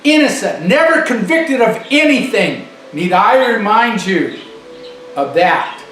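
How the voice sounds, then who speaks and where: High-voiced man ranting in an echoey room. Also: sing-song, takes it slowly, a bit bright, faint music behind. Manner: emphatic, repeats phrases for stress. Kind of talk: political monologue. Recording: echoey room, distant mic, faint noise.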